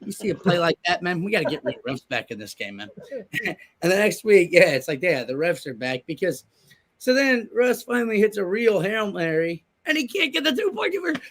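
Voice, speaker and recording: A man's voice: sits high, big pitch swings, a little fast, a bit bright. A man hosting a casual sports chat, ranting animatedly and cursing freely. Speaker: podcast host.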